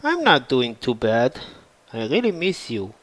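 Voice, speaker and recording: Quiet loyal agent guy, read by a man, soft-spoken, slow. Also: medium pitch, huge pitch swings, no room sound, voice pushed down, poor audio. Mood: friendly. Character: loyal quiet male agent, old friend.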